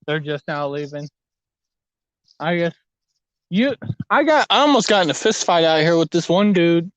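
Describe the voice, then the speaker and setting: A young man with a high, smooth voice, rambling through a profane, animated fishing story in casual chat. The sound is close and dry, with no room around it. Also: normal speed, no room sound, poor audio. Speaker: fishing vlogger. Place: outdoors at a lake.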